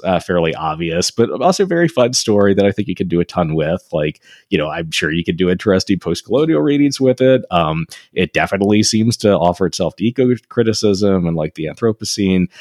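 A man's voice: low-pitched, darkish tone, dry recording, clean studio sound. A man co-hosting a podcast, talking casually about books with many fillers and restarts and frequent laughs. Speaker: podcast co-host. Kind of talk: casual literary discussion.

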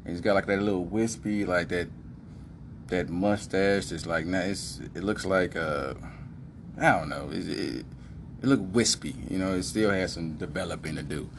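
A man hosting a podcast, telling stories casually in an animated, emphatic, slangy way. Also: deep voice, moderate pace, gravelly, a little hiss or hum. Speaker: podcast host. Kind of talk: casual storytelling.

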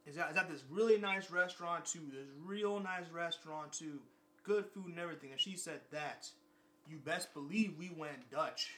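Young male vlogger with a slightly high voice who rambles, loops on phrases and curses often. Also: normal speed, pushed and bright. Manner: rambling, repetitive, profane. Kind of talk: casual monologue.

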